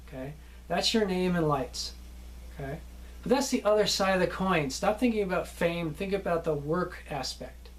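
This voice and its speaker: A man's voice: high-pitched, normal speed. A middle-aged man teaching acting students in a casual, rambling lecture, often ending lines with "okay?".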